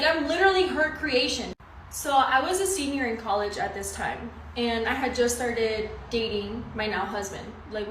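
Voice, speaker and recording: A woman in her twenties telling a personal story in an animated, sassy way and acting out the voices in it. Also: fairly high pitch, slight background noise. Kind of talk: storytime vlog. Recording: echoey room, away from mic.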